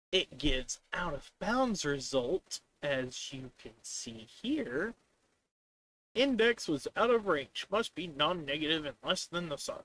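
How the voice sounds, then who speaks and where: A man on a live stream, talking slowly through his code in a bright, somewhat high voice. He rambles and grumbles in exasperation, mocking the program by voicing its replies. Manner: exasperated, rambling, mocks the software in quoted voices. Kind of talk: casual live-stream commentary while coding.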